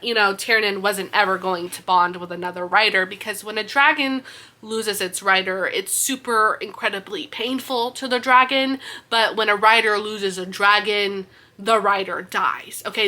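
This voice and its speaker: A young woman hosting a book podcast, excitedly recapping a fantasy novel in a casual, animated storytelling manner. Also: mid-range voice.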